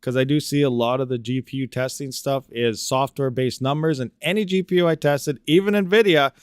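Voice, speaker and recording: Chatty male streamer, smooth close voice. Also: mid-range voice, brisk, no room sound. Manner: rambling, reads chat questions aloud, frequent "you know". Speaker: crypto mining streamer answering live chat. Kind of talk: casual live-stream Q&A.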